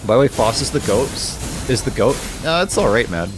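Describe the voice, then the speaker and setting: A young man streaming games reads his chat aloud, joking with viewers and laughing often. His mid-range voice is expressive and normal-paced, with music playing behind him.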